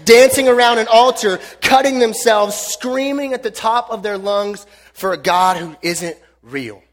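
A man preaching a sermon and telling the story in an animated, joking way. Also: sits high, measured pace, big-room sound. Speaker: pastor.

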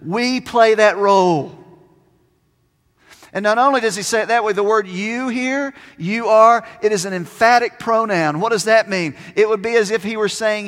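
Male pastor, high voice, emphatic sermon delivery, long hall reverb. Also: fairly bright tone. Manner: emphatic, slows down on key words.

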